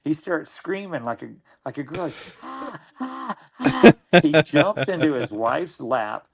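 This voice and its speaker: Over a crowd in the background, a middle-aged man with a fairly high, gravelly voice tells old stories as a podcast guest. He is animated and moderately paced, rambling casually with frequent restarts and repeated words.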